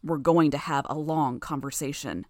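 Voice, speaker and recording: A woman voicing a menacing teenage boy gang leader who talks in a low, growling, commanding way. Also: fairly quick, no echo, studio quality, natural voice. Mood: angry.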